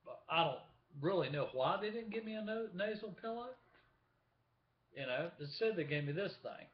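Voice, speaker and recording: A man's voice: high-pitched, animated, moderate pace. A man talking casually to the camera in a vlog, chatty, showing things to the viewer. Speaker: vlogger. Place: room at home with window open. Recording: echoey room, dull lo-fi sound.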